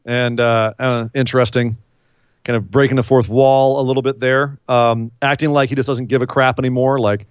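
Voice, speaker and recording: A man co-hosting a casual wrestling recap, rambling and animated, often acting out what the wrestlers said. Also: mid-range voice, normal speed, smooth, no echo, highs cut off. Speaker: wrestling podcast co-host.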